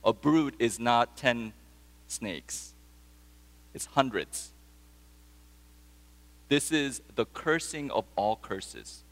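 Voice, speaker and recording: His delivery is animated yet slow, with long pauses, as this pastor tells stories and puts questions to his congregation in a sermon. The voice is mid-range and a bit bright, and a long reverb tail follows it.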